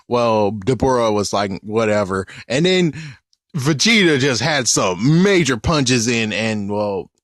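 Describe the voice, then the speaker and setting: This is a man's medium-pitched voice riffing casually on an anime episode, with clean studio sound and no room sound. He rambles, stays animated, and keeps correcting himself mid-sentence.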